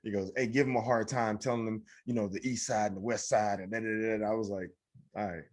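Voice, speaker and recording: A husky, fairly low man chats on a podcast. He tells stories with energy and slips into the voices of the people he quotes. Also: fast talker. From Cleveland. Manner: animated storyteller, acts out quotes. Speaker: podcast co-host. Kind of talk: casual chat.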